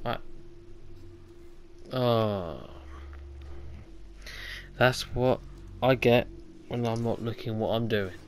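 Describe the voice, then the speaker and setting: A man hosting a gaming channel, commenting live on his own play, talking to himself with mounting frustration and sudden loud outbursts when he fails. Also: mid-range voice, very slow, pauses often, a little hiss or hum.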